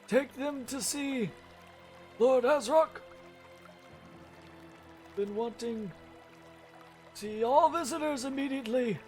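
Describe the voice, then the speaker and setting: A man voicing a bossy, cranky old male goblin gatekeeper who whisper-yells orders in a tabletop game. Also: very high voice, slow pace, long pauses, soft background music, pitched above the performer's own voice. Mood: shooing. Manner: loud whisper-yelling, shooing people along.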